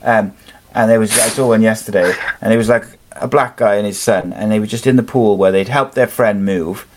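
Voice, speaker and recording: A man's voice: fairly low pitch, fairly quick. A man from the UK hosting a casual wrestling podcast, rambling through stories with lots of fillers. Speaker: podcast host. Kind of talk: casual chat.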